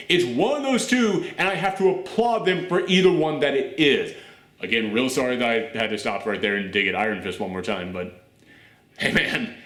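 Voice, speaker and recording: A man reviewing a TV show on his channel, talking in an animated, rambling way and nearly shouting with enthusiasm. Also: a little high. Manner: animated, near-shouting, gushing. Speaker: YouTube reviewer. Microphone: camera mic. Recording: roomy echo.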